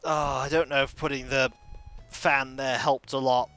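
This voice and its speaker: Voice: mid-range voice, flat delivery, normal speed, fairly bright tone, smooth, faint music behind. A streamer giving playful, chatty commentary while playing a cozy life-sim game and reading its text aloud. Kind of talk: casual gameplay commentary.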